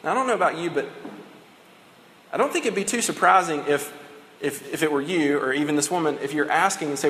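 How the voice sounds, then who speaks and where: A man's voice: fairly high pitch, lively intonation, a little fast, long pauses, fairly bright tone, slight background noise. A man preaching a sermon in a conversational way, acting out the dialogue of the story as he goes. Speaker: pastor. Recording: echoey hall, long reverb.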